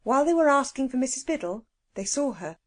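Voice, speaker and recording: Animated woman reading a children's book. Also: high voice, fast talker. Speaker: audiobook narrator. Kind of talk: children's audiobook narration.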